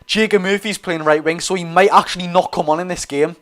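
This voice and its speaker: A man's voice: high-pitched, steady tone, fairly quick, fairly bright tone. A young Geordie man giving chatty live commentary on a football match and answering his viewers' chat. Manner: chatty, reads out live chat and reacts to play. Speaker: football watch-along streamer.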